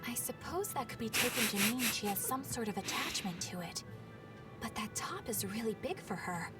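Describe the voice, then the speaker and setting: A woman voicing an earnest young exorcist girl who rambles when flustered, her voice pitched high. She is heard from a distance through game audio, with music playing behind her. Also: animated, moderate pace, close to an everyday voice. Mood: musing. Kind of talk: game voice acting.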